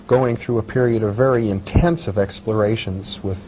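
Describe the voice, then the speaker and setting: A man's voice: lowish voice, steady tone, normal speed, darkish tone, a little hiss or hum, rough recording. A man interviewing, asking reflective questions with frequent restarts. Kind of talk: conversational interview.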